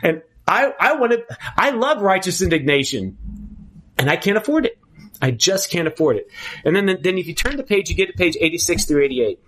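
A man's voice: high-pitched, sing-song, brisk, a bit bright. A man speaking candidly at a twelve-step recovery meeting, earnest and emphatic, often restarting his phrases.

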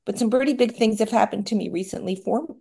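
A woman's voice: mid-range voice, fast, vocal fry, mellow, breathy edge. A middle-aged woman giving a personal share at a support meeting, candid and rambling, with self-deprecating asides, and tearful at times. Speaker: recovery meeting speaker.

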